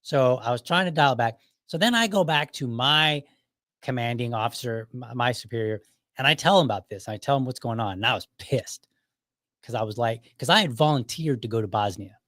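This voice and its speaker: A man's voice: mid-range voice, brisk, a bit bright, dry recording. Middle-aged male host, laid-back storyteller who keeps breaking into chuckles, mid-range voice, very dry close sound. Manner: chuckles often while recounting, loose and conversational. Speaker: podcast host. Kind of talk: casual storytelling monologue.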